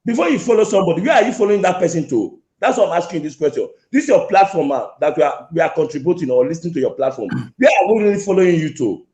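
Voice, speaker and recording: In a heated call-in, this man's high, expressive, dark-toned voice races along with few pauses as he repeats himself insistently and goes after the host. The line is echoey.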